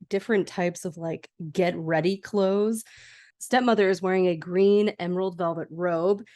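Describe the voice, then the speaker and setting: A woman, hosting a podcast and excitedly recapping a movie scene by scene. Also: fairly low pitch. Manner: chatty, excitable, laughing asides. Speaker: podcast host. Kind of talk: casual movie rewatch recap.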